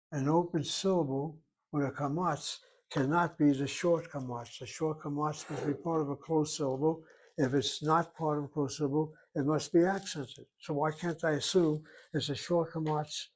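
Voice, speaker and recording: A man's voice: a little high, fairly even intonation, moderate pace. A man teaching a recorded grammar lesson, reasoning aloud step by step in a methodical way. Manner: methodical, talks himself through each step. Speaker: Hebrew teacher.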